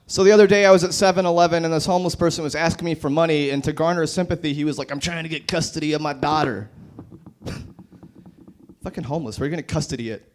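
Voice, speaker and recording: Man doing deadpan stand-up one-liners. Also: fairly high pitch, fast, a little hiss or hum. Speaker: open mic comedian. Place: brewery bar.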